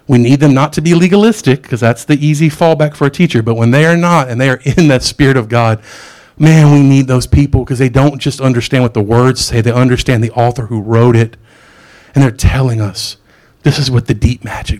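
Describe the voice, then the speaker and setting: A man's voice: medium pitch, darkish tone. A middle-aged man preaching a sermon in a casual, conversational way, with asides and jokes.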